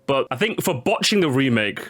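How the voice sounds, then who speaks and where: A young man chatting casually on a live stream, animated and jokey, talking to his chat. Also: mid-range voice, a little fast. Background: faint game music.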